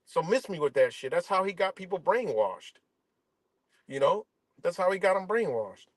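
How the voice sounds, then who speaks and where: A man hosting a live stream, ranting casually and profanely, filling pauses with "right?" and "you know?". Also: high-pitched, very animated, no room sound. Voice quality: dreadlocks wearer talking in a loose, street-casual way.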